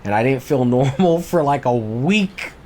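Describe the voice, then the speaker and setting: A man's voice: mid-range voice, animated, a little slow, warm tone, slight background noise. A man co-hosting a podcast, telling stories in loose, casual chat with heavy swearing. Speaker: podcast co-host.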